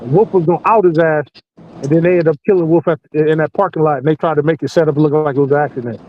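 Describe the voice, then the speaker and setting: High-voiced man telling loud profane stories. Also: fast. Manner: animated, profane, laughing storyteller. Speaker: podcast host working night security patrol. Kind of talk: casual storytelling chat. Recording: muffled lo-fi with faint hiss.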